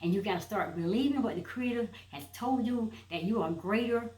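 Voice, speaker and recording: An inspirational speaker, a woman, preaches an emphatic motivational monologue, repeating rhetorical questions as she builds to a point. Her mid-range voice is brisk and a little mellow, and the audio is poor and reverberant.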